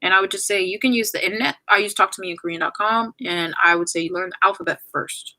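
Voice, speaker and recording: A woman's voice: mid-range voice, fast, pushed and bright, rough recording. Tearful young woman rambling on a livestream. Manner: rambling, many fillers and restarts, addresses viewers as y'all. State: tearful, crying at times. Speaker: YouTuber ending her channel on a livestream. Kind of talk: casual livestream chat, reading viewer comments.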